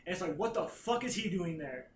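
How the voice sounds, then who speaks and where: A man's voice: sits high, expressive, fairly quick, slight background noise. A man on a podcast casually recapping a comic plot, rambling and swearing, acting out characters' lines. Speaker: podcast co-host. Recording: roomy echo.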